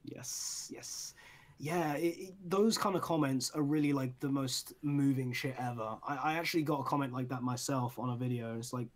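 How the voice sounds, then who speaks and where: A man's voice: medium pitch, normal speed. A young British man co-hosting a casual podcast, swearing, teasing and laughing often. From Britain. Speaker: podcast co-host.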